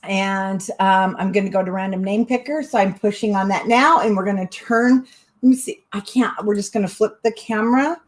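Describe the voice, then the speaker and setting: A middle-aged woman hosting a live crafting stream, chatty, excitable and often breaking into giggles. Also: medium pitch, normal speed. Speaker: crafting channel host.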